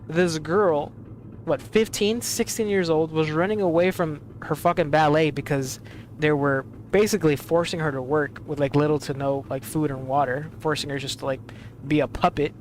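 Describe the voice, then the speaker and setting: A man's voice: a little high, steady tone, normal speed, a little hiss or hum. Profane young man streaming a game. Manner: profane, emphatic, filler-heavy. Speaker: gaming streamer. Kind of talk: casual gameplay commentary. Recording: game music underneath.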